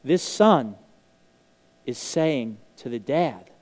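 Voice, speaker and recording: A man preaching a sermon, telling a parable in an animated way and acting out the characters' lines. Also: a little high, measured pace. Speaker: pastor. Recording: long hall reverb.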